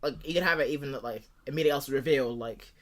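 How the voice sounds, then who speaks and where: A man co-hosting a film podcast, pitching a movie plot in casual chat. He acts out the characters' lines in quick voices and laughs often. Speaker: podcast co-host.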